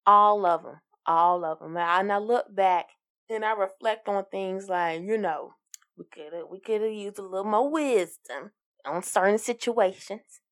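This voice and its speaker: A woman's voice: medium pitch, a little slow, fairly bright tone. A woman, hosting a casual solo podcast in an upbeat, encouraging, giggly way. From Alabama, US. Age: 20s. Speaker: podcast host.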